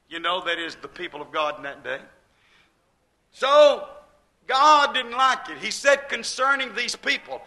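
A man's voice: high-pitched, bright, forceful tone, poor audio. A man preaching a sermon in a folksy, emphatic way, repeating his points with plain homespun speech.

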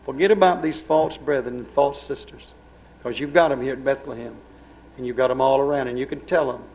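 A man's voice: mid-range voice, fairly quick, muffled recording. A middle-aged man preaching a sermon in a folksy, emphatic style. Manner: folksy, emphatic, rural vernacular grammar.

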